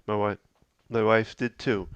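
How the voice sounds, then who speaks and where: A middle-aged man hosting a podcast, talking earnestly and reflectively, often halting and restarting as he gives advice. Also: lowish voice, little pitch movement, clear, resonant tone, dry recording, muffled recording. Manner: halting, with frequent restarts and fillers. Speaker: podcast host.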